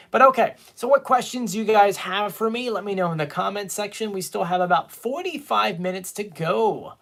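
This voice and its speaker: A man's voice: sits high, normal speed, creaky, fairly bright tone. A man hosting a casual live stream, chatting and reading viewer comments aloud. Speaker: fan show host.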